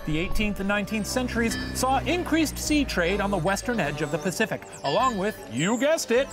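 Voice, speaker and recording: A high, bouncy puppet professor swoops through his lines with theatrical quiz-host flair. His pitch leaps all over the place, and music plays beneath him. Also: sing-song, fairly quick. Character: excitable male puppet history professor. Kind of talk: comedy puppet show.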